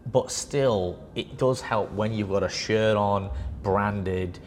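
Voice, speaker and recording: A man's voice: fairly low pitch, slow, in a large hall, slight background noise. A man, a personal trainer, chatting casually and animatedly acting out what people said to him. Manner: animated storyteller, acts out quotes, swears freely. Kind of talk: casual chat.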